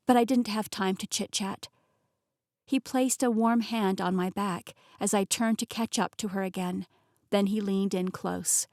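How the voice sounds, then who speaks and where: A woman narrating a novel in the first person, telling the story in an expressive, emotionally engaged way. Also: mid-range voice, measured pace, no echo, clean studio sound. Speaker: audiobook narrator.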